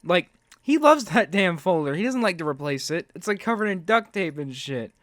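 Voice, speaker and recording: A man's voice: high-pitched, expressive, normal speed, fairly bright tone, dry recording, clean studio sound. A man hosting a reaction video, talking sarcastically and ranting at what he watches. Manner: sarcastic, ranting, mocks with put-on quotes. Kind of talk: reaction commentary.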